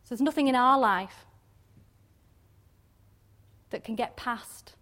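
A woman giving an informal devotional talk on scripture, chatty and quick to laugh, often ending points with little questions. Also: fairly high pitch, fairly bright tone. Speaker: Bible teacher.

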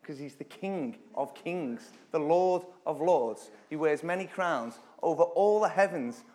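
A man giving an informal Bible teaching in a church, chatting conversationally, then reading scripture slowly and dramatically with sudden loud emphatic bursts. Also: fairly high pitch, expressive. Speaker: preacher.

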